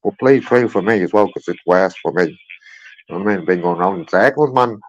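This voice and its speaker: A man's voice: low voice, a little fast, highs cut off. A man making a heated phone complaint, insistent and repetitive, filling his talk with "you know what I mean". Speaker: caller.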